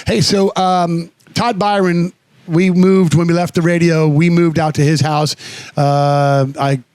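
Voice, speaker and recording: Earnest man with a fairly high voice. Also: flat delivery, measured pace, darkish tone, clean tone, dry recording. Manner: earnest, rambling, with frequent restarts and blunt swearing. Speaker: radio show co-host. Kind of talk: casual radio chat. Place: Florida radio studio.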